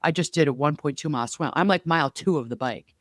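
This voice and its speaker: A woman co-hosting a podcast, telling stories in a lively, chatty way. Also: deep voice, fast talker, dry recording, studio quality. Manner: animated storyteller, lively and chatty. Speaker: podcast co-host. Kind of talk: casual podcast conversation.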